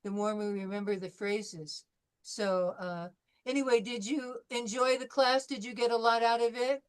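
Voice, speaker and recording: A woman's voice: fairly high pitch, fairly even intonation, normal speed, clean tone. Chatty older woman teaching French. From California. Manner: chatty, anecdotal, many fillers and restarts. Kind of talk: classroom lesson wrap-up.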